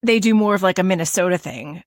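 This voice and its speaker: A woman's voice: fairly low pitch, fast talker. A woman with a Midwestern accent co-hosting a podcast in a casual chat. She explains her point earnestly, restarting her sentences often. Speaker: podcast co-host.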